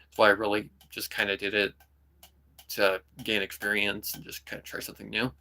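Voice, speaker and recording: Young guy rambling on a livestream, lowish voice, lots of kinda and like. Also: completely flat delivery, fairly quick, gravelly, pushed and bright. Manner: rambling, full of "kinda" and "like", jumps into voice demos. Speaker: streamer and hobby voice actor. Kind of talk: casual livestream chat.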